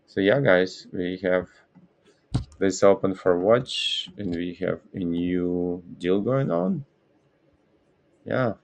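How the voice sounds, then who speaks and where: Male host, very low and gravelly, slow rambling live commentary, keeps correcting himself. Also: lively intonation. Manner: rambling, self-correcting, apologetic. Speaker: trading stream host. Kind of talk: casual live market commentary.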